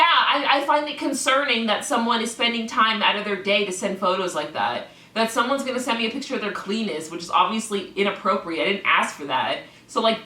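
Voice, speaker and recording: Woman vlogger, heated sweary rant to camera; sharp bright voice, echoey room. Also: on the low side, far from the mic. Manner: swaps words for cl- puns. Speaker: clown-persona vlogger. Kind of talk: ranting vlog to camera. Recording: echoey room, away from the mic.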